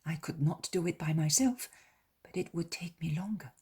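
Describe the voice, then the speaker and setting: Shy young hostess for a storybook, whispered role-play, very breathy , as a woman reads her. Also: fairly low pitch, moderate pace, darkish tone. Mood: gentle.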